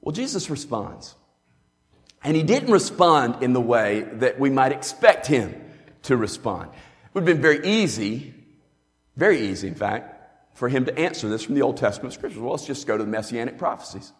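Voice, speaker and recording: A man's voice: mid-range voice, big pitch swings, normal speed. A man preaching a sermon as a pastor, earnest and emphatic in a teaching way. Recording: long hall reverb.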